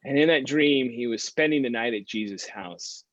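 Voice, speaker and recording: A man's voice: medium pitch, normal speed, fairly bright tone, no echo, lo-fi sound. A man, a pastor, teaching a Bible study in a conversational storytelling way.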